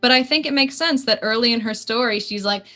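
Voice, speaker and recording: A woman with a Canadian accent talks casually as a guest on a live stream, lively and quick to laugh. Her voice is bright and clear. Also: on the high side, faint music behind. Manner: lively, chatty, laughs often. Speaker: guest player.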